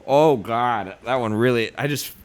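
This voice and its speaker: A man's voice: mid-range voice, unhurried, smooth. A man co-hosting a casual podcast chat, joking and easygoing. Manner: joking, easygoing, self-mocking. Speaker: podcast co-host.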